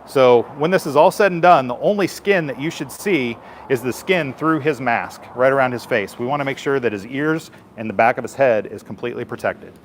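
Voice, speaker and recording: A man's voice: mid-range voice, brisk, few pauses, slight background noise. A man, a firefighter, giving a live station tour and patiently explaining equipment to children in simple terms.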